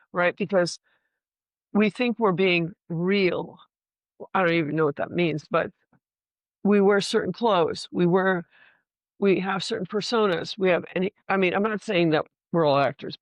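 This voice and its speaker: A woman's voice: on the low side, no room sound, highs cut off. Frank woman scholar, dry close sound. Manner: candid, frank, swears casually, peppers with "right?". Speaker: Shakespeare scholar guest. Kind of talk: conversational lecture with readings.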